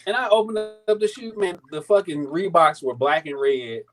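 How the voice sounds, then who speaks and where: A man in his thirties from St. Louis, telling a sneaker story in a profane, animated, casual chat. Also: on the high side, moderate pace, poor audio. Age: 30s. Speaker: sneaker battle contestant.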